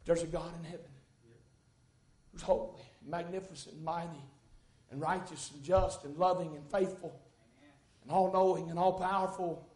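A man preaching a sermon in a church, folksy and rising into fervent shouts. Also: fairly high pitch, steady tone, moderate pace. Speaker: pastor. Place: church sanctuary. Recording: echoey church room.

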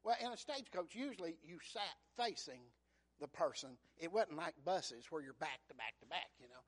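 High-voiced preacher, folksy. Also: male voice, a little fast. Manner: folksy, asks the congregation "amen?" and retells scripture as lively dialogue. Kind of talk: sermon.

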